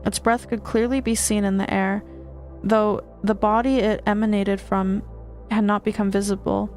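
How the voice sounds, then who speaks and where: A woman streamer reading a horror book aloud, steady with small stumbles and restarts. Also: mid-range voice, moderate pace, soft background music.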